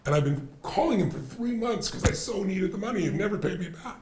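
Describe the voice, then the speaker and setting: A man as a podcast guest, telling stories in an animated, emphatic way and repeating phrases for effect. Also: high-pitched, a little fast, background noise. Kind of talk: animated storytelling in conversation. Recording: roomy echo.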